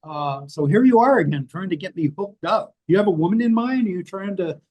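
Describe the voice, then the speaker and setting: An older American author, interviewed in a candid, casual conversation, speaks in a kinda high, darkish-toned voice, a little fast and expressive. He's blunt, profane and self-mocking, swearing a lot, while rain falls outside the indoor spot.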